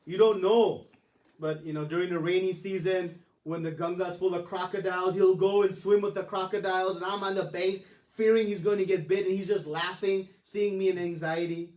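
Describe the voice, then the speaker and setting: Man putting on fretful older holy man, whining complaints, higher voice, distant roomy mic. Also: steady tone, normal speed, a little mellow, lightly acted. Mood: complaining. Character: anxious older male saint, complaining, fretful.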